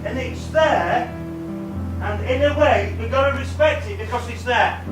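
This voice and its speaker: A man with a very high voice and a stammer delivers a slow, emphatic motivational speech to students, repeating his key words. He is picked up from a distance in a roomy, echoing hall, and faint music sits underneath. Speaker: keynote speaker.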